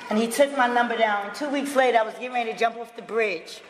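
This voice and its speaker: A woman giving a personal recovery testimony, emphatic and profane, breaking into loud outbursts and laughter. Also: a little high, fast, slight background noise. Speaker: recovery speaker. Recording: echoey hall with long reverb.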